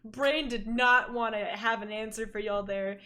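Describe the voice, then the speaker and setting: A woman's voice: a little high, steady tone, normal speed, sharp tone, a little hiss or hum. A woman narrating as game master, hesitant with fillers and self-mocking.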